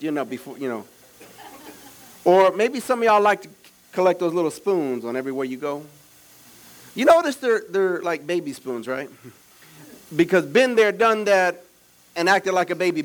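A man pastor preaching an energetic sermon with call-and-response, swinging from shouts to quiet asides. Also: a little high, poor audio. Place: church service with children present.

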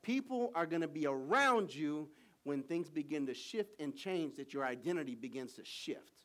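A man preaching a sermon in a church, animated, asking the congregation for call and response. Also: fairly high pitch, moderate pace.

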